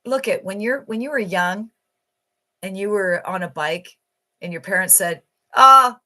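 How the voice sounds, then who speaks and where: A woman giving an enthusiastic, emphatic motivational sales pitch for an online marketing program. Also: moderate pace, fairly bright tone.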